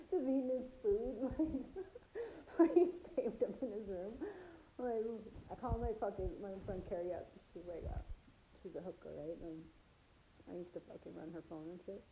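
A woman's voice: fairly low pitch, mellow. A woman telling a rambling story in casual chat, swearing constantly and breaking into laughter often. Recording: roomy with clear background noise.

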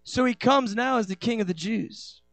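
A pastor preaching a sermon, rushing through quick asides, then slowing and rising into loud, shouted declarations. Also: male voice, very high voice, dry recording, faint music behind.

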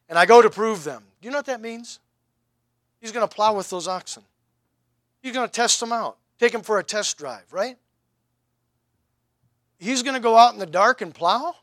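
A man's voice: high-pitched, pushed and bright, no echo, studio quality. A male pastor preaching a sermon, asking wry rhetorical questions and pressing his points with emphasis.

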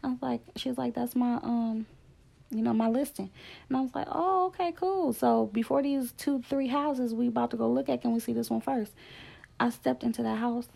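A middle-aged woman tells her own story in a casual, candid way. Her voice carries a gravelly fry and a mellow, dark tone. She leans hard on key words, rushing some stretches and slowing right down on others. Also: a little high, steady tone. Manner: candid, emphatic, drifting between fast and slow. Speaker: speaker sharing a personal story.

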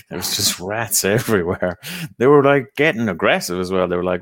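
A man with an Irish accent tells rowdy party stories, swearing freely and laughing as he goes. His voice sits very low. The sound is dry and close. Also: animated, moderate pace, no echo. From Ireland. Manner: profane, laughing storyteller. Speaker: comedian podcast host. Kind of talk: casual storytelling chat.

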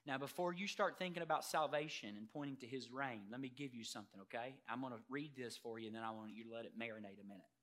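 A man preaching a sermon as pastor, emphatic, swinging from loud declarations to quiet earnest asides and putting questions straight to the congregation. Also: mid-range voice, fast talker, hardly any pauses. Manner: addresses congregation directly with rhetorical questions.

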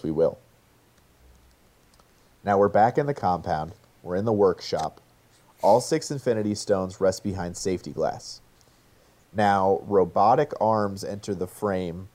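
Male narrator, low and warm, recounting a movie plot in a casual tone. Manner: recounts a film scene by scene, quoting lines.

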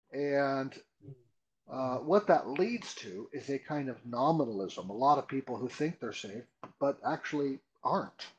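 A man's voice: mid-range voice, moderate pace, darkish tone, rough recording. A man, a pastor being interviewed, explaining doctrine earnestly with rhetorical questions and emphatic repeats. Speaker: pastor guest. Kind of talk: conversational teaching interview.

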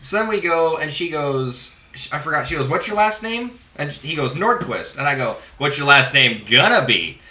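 A man's voice: on the high side, lively intonation, moderate pace, bright, forceful tone, roomy sound. A man hosting a casual podcast, telling crude stories with lots of laughter. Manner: laughing, profane anecdote telling. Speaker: podcast host. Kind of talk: casual storytelling among friends.

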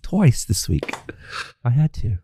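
A man's voice: medium pitch, sing-song, slow pace, warm tone, breathy edge, no echo, studio quality. A man co-hosting a podcast who teases his partner, laughs often, and speaks to listeners. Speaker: podcast co-host. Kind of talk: casual podcast banter.

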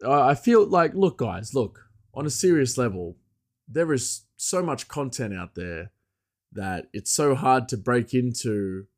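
A man's voice: medium pitch, animated, unhurried. A man hosting his own podcast, talking casually in a rambling, self-deprecating way with many restarts. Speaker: podcast host. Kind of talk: casual solo podcast chat.

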